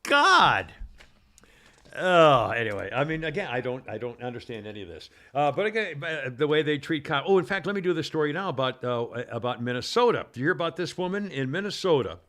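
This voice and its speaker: A man's voice: on the high side, animated, quick pace, few pauses. A man hosting a casual news talk show, rambling with many fillers and restarts. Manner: acts out quoted people in a raised voice. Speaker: podcast host.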